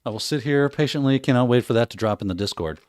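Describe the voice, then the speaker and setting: A man's voice: medium pitch, fast talker, a little mellow, clear, resonant tone, no echo. A man hosting a livestream in casual chat, reading out viewer comments, joking and laughing often. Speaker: livestream host.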